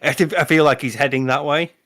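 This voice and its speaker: A sardonic man picks apart what he hears, and he often mimics the speaker he is mocking. His voice sits a little high and is recorded close and dry, with no room sound. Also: fairly even intonation, quick pace, a bit bright, dry recording. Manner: sardonic and analytical, mocks by imitating. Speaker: co-host guest. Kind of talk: casual reaction commentary.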